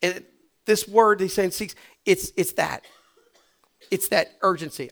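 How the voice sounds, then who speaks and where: A middle-aged male pastor preaching a sermon, dropping to hushed whispers and rising to loud shouts. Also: high voice, a little slow, vocal fry, pauses often.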